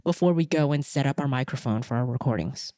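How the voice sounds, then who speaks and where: A woman's voice: rumbling low, fast, mellow, no room sound, studio quality. A woman podcast host asking her guest a question in an inquisitive way. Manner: inquisitive, brief reactions.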